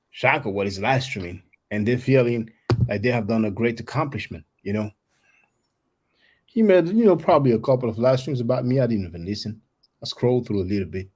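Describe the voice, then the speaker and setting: A man's voice: medium pitch, animated, fairly quick, dark tone, husky. A man hosting a live stream, talking bluntly and mockingly, confronting callers. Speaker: livestream host. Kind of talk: live stream talk with guests.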